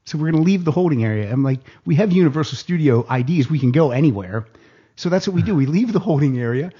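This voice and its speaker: A man with a slightly high voice tells a casual story as a podcast guest. He is lively and pushes his pitch up to quote people. The sound is a bit dull and muffled. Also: fast, slightly rough. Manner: animated, jumps higher in pitch for quoted voices.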